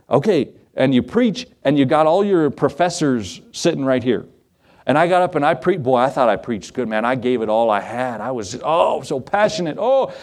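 Man, middle-aged, folksy sermon, chuckling storyteller. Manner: folksy, chuckling storyteller with lively pitch swings. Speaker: pastor. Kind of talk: sermon with personal stories.

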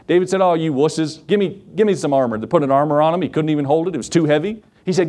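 A man's voice: fairly high pitch, fast. A middle-aged man preaching a sermon, telling stories in a folksy way and acting out the quotes while he talks straight to the congregation. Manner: animated storytelling with acted-out quotes; folksy, addresses the congregation directly. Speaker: pastor.

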